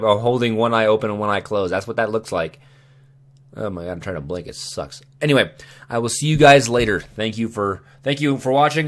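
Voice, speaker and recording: Playful man rambling on a gaming vlog. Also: lowish voice. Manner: playful, joking, self-amused. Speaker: gaming video host. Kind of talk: casual rambling chat.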